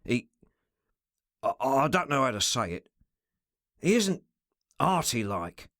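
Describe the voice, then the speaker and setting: A man voicing a rough, loyal henchman who argues in coarse common speech, with a soft purr and a snarling undertone. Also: medium pitch, very animated, slow, no echo, clean studio sound, voice pushed up, heavily acted. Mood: indignant. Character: rough loyal male henchman, fretful and scrappy.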